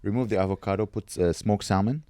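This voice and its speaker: A man with a fairly low voice chats casually on a comedy podcast, joking and breaking into laughter as he talks. The sound is dry and close, with no room around it. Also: quick pace, dark tone, no echo. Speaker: podcast co-host. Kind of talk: casual chat.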